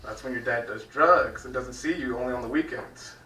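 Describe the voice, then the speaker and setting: A man's voice: medium pitch, a little fast, pushed and bright, a little hiss or hum. A man from Virginia doing a stand-up comedy set, rambling loosely and laughing at his own jokes on a club stage. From Virginia, United States. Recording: echoey club room from far off.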